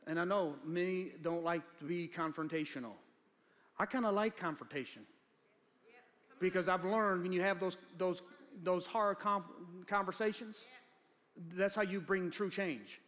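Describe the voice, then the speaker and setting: Preacher, a man with a high voice, conversational and then rising to a shout, heard in a large church with long reverb. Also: a little slow. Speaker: pastor. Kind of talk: sermon.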